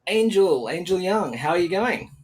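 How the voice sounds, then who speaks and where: A man's voice: high-pitched, expressive, moderate pace, slightly rough. A man with an Australian accent hosting a casual podcast interview, chatty and upbeat, with plenty of fillers and restarts. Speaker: podcast host.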